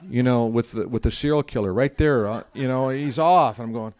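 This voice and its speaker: A man's voice: mid-range voice, fairly quick, a little mellow. A middle-aged man preaching a sermon in a conversational, storytelling way, acting out the voices of people he quotes. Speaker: pastor.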